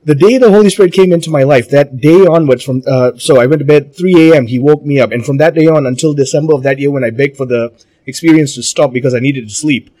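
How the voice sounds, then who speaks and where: A man with a Malaysian accent who is a guest in an interview, speaking in an animated way, repeating words and laughing easily. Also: mid-range voice, fast talker. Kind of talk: conversational interview.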